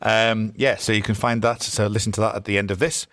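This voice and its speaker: A man's voice: lowish voice, little pitch movement, brisk, fairly bright tone, no echo, studio quality. A man co-hosting a podcast, giving a casual, rambling sign-off full of fillers and restarts. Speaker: podcast co-host.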